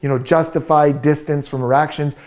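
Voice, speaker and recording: A man commenting on a video clip as a body language analyst, explaining gestures confidently in quick bursts. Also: on the high side, steady tone, darkish tone.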